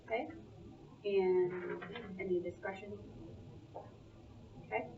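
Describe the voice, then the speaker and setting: A Minnesotan woman with a mid-range voice runs a board meeting in a brisk, procedural way, calling motions and votes. Her voice carries from across a meeting room and sounds muffled. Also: medium pitch, fairly even intonation. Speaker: board chair. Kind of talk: chairing a meeting. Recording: distant, dull meeting-room recording.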